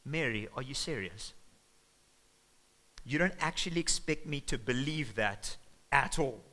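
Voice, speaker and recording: A shocked young man who cannot believe what he hears, played by a preacher. His voice is bright and carries a raised, exasperated edge. He sounds incredulous. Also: mid-range voice, expressive, measured pace.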